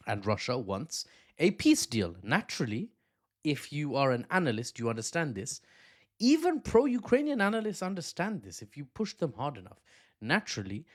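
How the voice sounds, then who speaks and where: A male host delivers opinionated geopolitical commentary. His pitch swings widely and his delivery is animated. He breaks off now and then for self-mocking asides.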